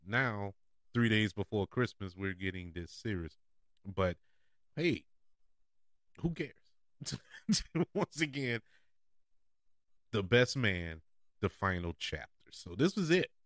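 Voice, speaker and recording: A man's voice: fairly low pitch, animated, slow, pauses often, a bit bright, no echo, studio quality. A man hosting a casual movie preview show, chatty and often laughing. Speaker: podcast host.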